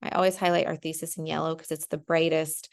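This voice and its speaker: A woman's voice: low voice, flat delivery, quick pace. A young woman teacher talking through an essay outline on screen, chatty and full of ums and "right?". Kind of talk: casual screen-share lesson.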